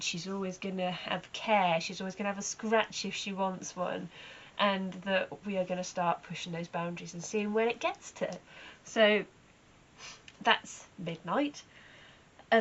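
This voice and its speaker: Woman, horse owner, casual vlog chat, animated storyteller, middle pitch. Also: lo-fi sound. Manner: chatty, animated storytelling with acted asides.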